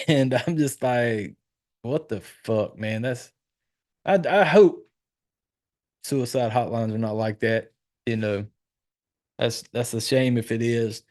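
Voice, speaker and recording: A man's voice: mid-range voice, slow pace, long pauses, darkish tone. A man hosting a horror podcast, recapping a movie in a loose, rambling way, swearing freely and correcting himself as he goes. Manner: loose, profane, rambling with fillers and self-corrections. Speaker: podcast host.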